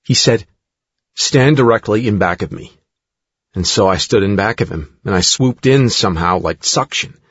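Male reader doing a woman recounting an abduction, halting, husky, dull dry recording. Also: on the low side, no room sound. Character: adult woman recounting an abduction under hypnosis.

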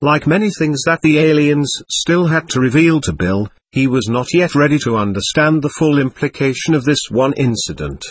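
A man narrating a story in a steady, measured reading style. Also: a little high, slightly rough, dry recording.

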